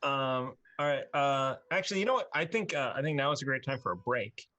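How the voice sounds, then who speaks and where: A man's voice: medium pitch, lively intonation, fairly quick, bright, forceful tone, no echo. A man who runs the game and hosts, chatting casually on a live stream in an easygoing, rambling way with lots of fillers. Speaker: dungeon master and show host.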